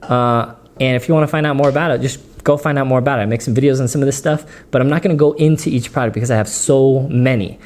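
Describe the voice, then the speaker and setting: A man's voice: mid-range voice, fast, a little mellow. A man with a runny nose hosting a casual gear vlog, chatty and rambling, often breaking into giggles, recorded in his dining room at home. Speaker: gear channel host.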